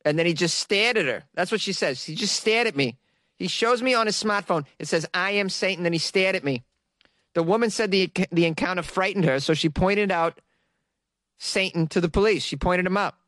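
A man's voice: high voice, a little fast, fairly bright tone, no room sound. Sarcastic man mocking the news. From Boston. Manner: sarcastic, teasing, laughs often. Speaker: comedy news host. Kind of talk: mocking comic commentary on weird news.

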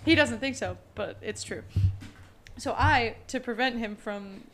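Animated young woman telling family stories. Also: on the high side, a little slow, slight background noise. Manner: animated storyteller, acts out quotes, laughs often. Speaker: podcast co-host. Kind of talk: casual chat.

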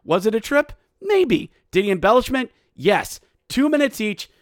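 A man hosts a hockey podcast and runs through the game like his own play-by-play announcer. His voice sits fairly high and swings from grumbling to loud excited shouts. The sound is dry and close, with no room around it. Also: moderate pace, no echo. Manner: excitable, mock-outraged, shouts during goals. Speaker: podcast host. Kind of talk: animated hockey recap with play-by-play.

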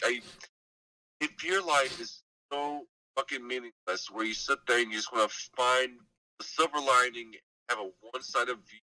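Brief: male podcast co-host on a heated, profane rant, very bright and tense tone, dry sound from a distant mic. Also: mid-range voice, dry recording. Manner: profane, heated, sarcastic ranting.

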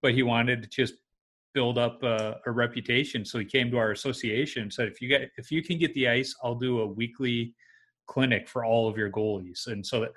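Chatty man of middle pitch. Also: fairly even intonation, a little fast, fairly bright tone. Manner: chatty anecdotal storytelling. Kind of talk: casual conversation.

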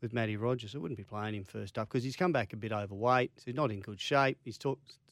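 An Australian man co-hosts a sports talk radio show, jokey and easy in his banter with his partner. His mid-pitched voice is close and dry in the studio. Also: quick pace, a bit bright, no echo. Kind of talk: casual chat.

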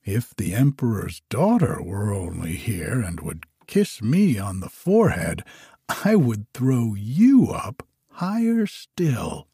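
A man's voice: fairly low pitch, huge pitch swings, takes it slowly, gravelly, mellow, husky, no echo, studio quality, exaggerated voice. A man voicing a bold young prince in a storybook reading, calling out defiantly and mocking his foe.

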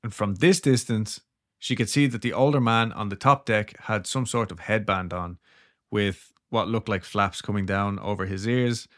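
Laid-back and joking, this man co-hosts a podcast and retells a story casually, his lines drifting into laughter. He speaks at normal speed with a fairly low pitch.

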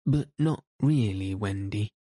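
A man voicing a puzzled, anxious young boy in a slow, low storybook reading. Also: steady tone, mellow, dry recording, studio quality. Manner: boyish and uneasy.

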